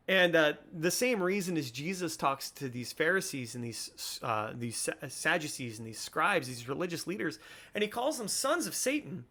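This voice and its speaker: A man's voice: fairly high pitch, expressive, moderate pace, sharp tone. Earnest, rambling young man. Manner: earnest, preachy, rambling with many restarts. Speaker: podcast host. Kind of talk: casual commentary.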